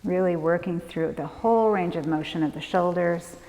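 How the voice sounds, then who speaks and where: A woman leading a prenatal yoga class, giving calm, gentle movement and breath cues. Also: on the low side, normal speed, a little hiss or hum. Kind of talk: guided yoga class instruction. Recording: long hall reverb.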